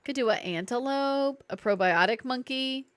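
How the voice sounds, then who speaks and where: A woman's voice: high voice, moderate pace, no room sound. A woman with a Southern accent, chatting playfully with viewers while streaming a game. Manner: playful, chatty, reacting and greeting chat. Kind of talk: live-streamed gameplay chat.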